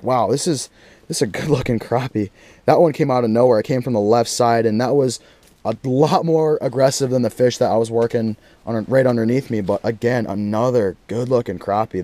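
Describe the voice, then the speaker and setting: A young man talks into an action camera out on the ice, narrating each bite. He sounds excitable and slangy and keeps bursting into loud exclamations. His voice sits at an ordinary middle pitch for a man. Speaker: fishing vlogger. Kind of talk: excited play-by-play while fishing. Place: ice fishing on a frozen lake in deep cold.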